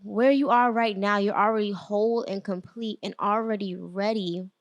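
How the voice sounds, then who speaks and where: A woman hosting a solo podcast, talking through ideas in an earnest, conversational way, often restarting phrases and slowing down for emphasis. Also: medium pitch, fairly even intonation, no echo. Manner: earnest, conversational, faith-inflected encouragement; frequent fillers and restarts, quick bursts then slow emphasis. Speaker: podcast host. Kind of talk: solo motivational podcast talk.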